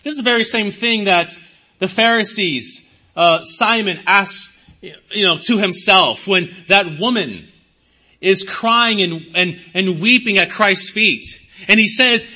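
A man preaching a sermon as pastor, swinging his pitch and volume for emphasis and acting out imagined speakers. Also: slow, pushed and bright.

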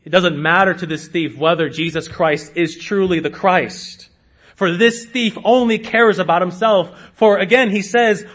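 A man preaching a sermon to his congregation, slow and emphatic, with sudden rises in pitch and loudness. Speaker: pastor.

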